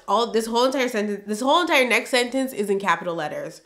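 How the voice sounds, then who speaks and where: A woman with a bright, clear voice reads her old journal aloud for a storytime vlog. She stops often for emphatic, exasperated comments of her own. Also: mid-range voice, lively intonation, fast talker, few pauses. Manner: emphatic, exasperated asides between read-out passages.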